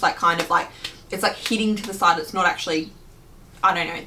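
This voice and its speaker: A woman's voice: mid-range voice, sharp tone, a little hiss or hum. A young woman, a beauty vlogger chattily and dramatically retelling a story to camera. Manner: chatty, dramatic, filler-heavy retelling with quoted dialogue.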